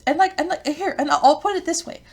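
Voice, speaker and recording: A woman's voice: sits high, a little fast. A woman hosting a let's play of a visual novel, reading the game text aloud and breaking off into rambling, self-interrupting rants.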